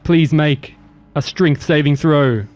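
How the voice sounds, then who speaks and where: A man running a tabletop game as dungeon master, giving calm, matter-of-fact rulings and narration. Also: a little high, takes it slowly.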